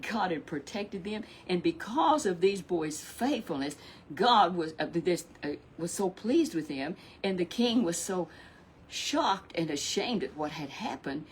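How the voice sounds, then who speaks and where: A woman's voice: lowish voice, lively intonation, unhurried, slight background noise. Folksy woman telling a Bible story. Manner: chatty and repetitive, with asides to a puppet. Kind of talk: folksy children's story narration.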